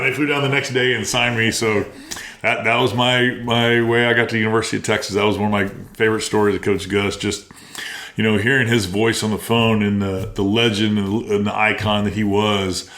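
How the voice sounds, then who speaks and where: A middle-aged American man, a former college baseball player, telling animated stories in a casual interview and acting out what others said. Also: lowish voice, quick pace, reverberant. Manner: animated storyteller, acts out quotes, laughs often.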